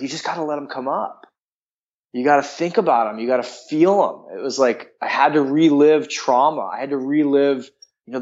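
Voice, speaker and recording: A man's voice: mid-range voice, darkish tone, lo-fi sound. A man telling a personal story in a frank, rambling way, full of filler words. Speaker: guest.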